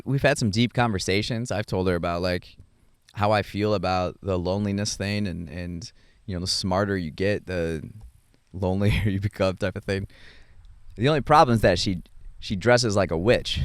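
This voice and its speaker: A young adult man hosting a podcast, talking through his thoughts in a rambling, halting way with many fillers and restarts. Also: lowish voice, lively intonation, clear, resonant tone, no room sound, clean studio sound. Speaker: podcast host. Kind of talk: casual reflective monologue.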